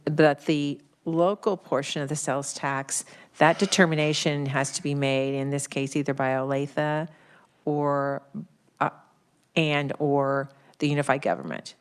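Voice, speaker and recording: Midwest American woman senator, low voice, hesitant questions at a hearing. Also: fairly even intonation, clear, resonant tone. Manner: halting, hesitant questioning with restarts. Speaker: state senator. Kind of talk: committee questioning. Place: legislative hearing room.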